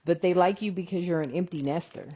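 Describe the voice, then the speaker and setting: A woman's voice: lowish voice, fast talker, mellow, breathy edge. Chatty woman giving a tarot reading. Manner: chatty, laughing, rambling asides. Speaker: tarot reader. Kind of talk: casual tarot reading to viewers. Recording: dull lo-fi sound.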